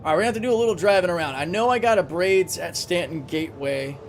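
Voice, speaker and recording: A man's voice: high-pitched, fast, a little hiss or hum. A man live-streaming a game, chatting casually, thinking aloud and answering chat, with a recurring cough.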